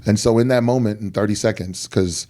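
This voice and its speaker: A middle-aged man, a guest rapper, telling personal stories in an earnest podcast conversation and acting out the people he quotes. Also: brisk. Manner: earnest, animated, acts out quoted people with big pitch jumps. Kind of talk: candid podcast storytelling.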